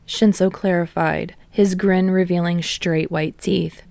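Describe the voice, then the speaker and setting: A woman reading fan fiction aloud in steady storytelling narration. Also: lowish voice, a little slow, gravelly, hardly any pauses, no echo. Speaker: podfic reader.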